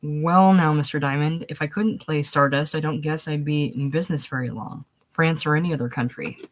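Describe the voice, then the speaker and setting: A woman's voice: deep voice, fairly even intonation, fairly quick, no room sound, lightly acted. A woman voicing a grinning, deferential male nightclub pianist in a storybook reading, folksy and eager. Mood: eager to please.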